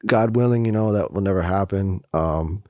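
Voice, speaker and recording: A man telling his story in a candid, animated conversational way, often slipping in "you know" and "man". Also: low voice, moderate pace, no room sound, studio quality. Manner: animated, acts out other voices, frequent "you know" and "man". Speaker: guest.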